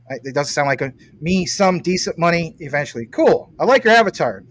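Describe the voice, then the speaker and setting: A man's voice: fairly high pitch, lively intonation, fairly quick, few pauses, poor audio. A man hosting a casual livestream, reading viewer comments and teasing his guest playfully. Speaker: livestream host.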